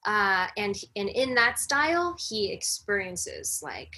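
A woman guest on a casual podcast chat, telling a personal story in an animated way and acting out the lines of others. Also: medium pitch, slow, slightly rough. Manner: animated storyteller, acts out quoted dialogue. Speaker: podcast guest, breathwork facilitator.

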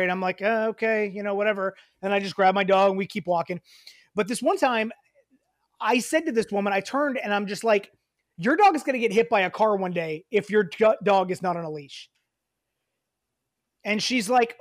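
A man co-hosting a casual podcast, telling stories in an animated way, swearing and rising in pitch when riled. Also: normal speed, dry recording, clean studio sound. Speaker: podcast co-host.

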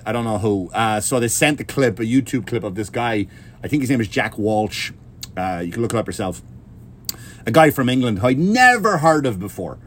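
An Irish man and stand-up comedian, ranting animatedly and swearing as he tells a story. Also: medium pitch. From Ireland. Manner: animated, swearing, laughing through his words. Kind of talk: profane comedic rant.

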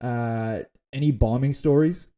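A man hosts a casual interview and asks relaxed, open questions. His tone is warm and mellow, in a middle pitch for a man. He answers with short, friendly reactions. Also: a little slow. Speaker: interviewer, host.

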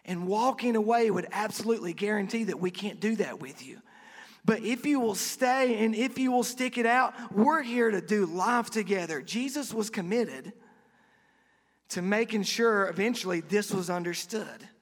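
A man preaching a conversational sermon, acting out quotes with lively energy. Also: sits high, normal speed, long reverb tail. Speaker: pastor.

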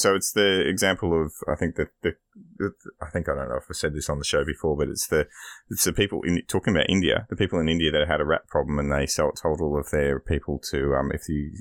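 A man's voice: extremely low pitch, dry recording, studio quality. A man co-hosting a podcast, chatting casually and rambling, losing his train of thought. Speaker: podcast co-host. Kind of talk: casual chat about video games.

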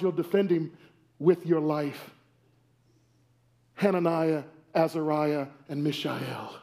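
Man, pastor, sermon, high-pitched, animated, rhetorical questions, church, miked. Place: church sanctuary. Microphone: wears a microphone.

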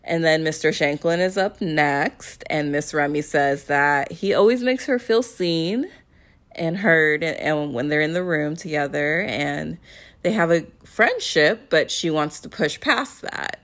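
A woman's voice: sits low, unhurried. A young woman recapping a reality dating show in a casual chat, laughing often and acting out what the people said. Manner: laughs often, quotes people in animated voices.

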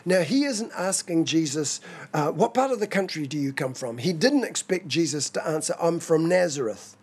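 Man, sermon, measured explaining, breathy tone. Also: fairly high pitch, lively intonation. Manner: measured, expository, dramatizes quoted scripture. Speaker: preacher.

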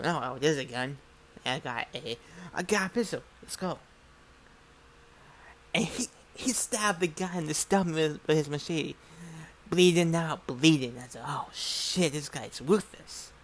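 A man with a fairly high voice and a drawl spins a chaotic story in casual, profane speech. He rambles, restarts often and acts out each exchange of dialogue himself. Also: fairly bright tone.

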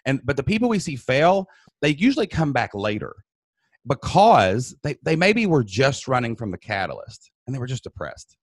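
A man telling an emotional personal story in a casual, animated way, often saying "dude" and "man". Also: medium pitch, moderate pace, dry recording, clean studio sound. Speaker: guest.

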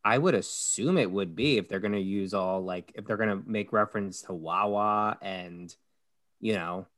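Loud, animated New Jersey podcast host. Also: male voice, fairly low pitch, moderate pace. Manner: loud, animated, acts out quotes. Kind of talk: casual chat.

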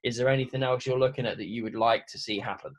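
A man hosting a casual football podcast, chummy and quick with banter. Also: mid-range voice, fairly even intonation. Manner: chummy, brisk, banter-heavy. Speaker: podcast host. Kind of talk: casual chat.

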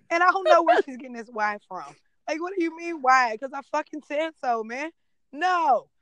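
A woman's voice: sits high, lively intonation, normal speed, fairly bright tone, no room sound. Woman in her 30s cussing and laughing in her car, dry close sound. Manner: blunt, profane, laughing. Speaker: podcast co-host. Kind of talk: casual chat.

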